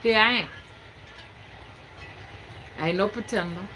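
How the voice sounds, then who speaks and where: A woman's voice: mid-range voice, a little slow, sharp tone, a little hiss or hum. A Southern woman over fifty, a spiritual reader, talking to camera in a folksy, emphatic, preaching cadence. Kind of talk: casual talk to camera.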